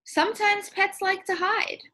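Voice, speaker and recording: A woman voicing a kind neighbor lady in a children's storybook, with a bright sing-song delivery. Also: very high-pitched, fairly even intonation, a little slow, voice pushed up, exaggerated voice. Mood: cheerful. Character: cheerful neighborly woman, Mrs Perkins.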